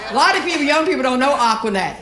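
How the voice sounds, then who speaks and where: On a comedy club stage, a smoky-voiced, Southern-accented middle-aged woman from Louisiana spins brash, profane stories for a live audience. She sounds high and lively, speaking very fast, with a loud crowd and heavy background noise filling the echoey room.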